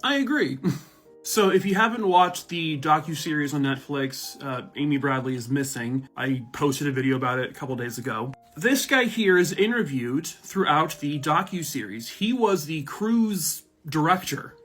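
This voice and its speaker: A man's voice: a little high, expressive, normal speed, fairly bright tone. A man with a slightly raised voice gives casual true crime commentary to camera. He is blunt and sarcastic and swears freely. Faint music plays under his voice. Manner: blunt, sarcastic, profane ranting. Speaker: true crime content creator.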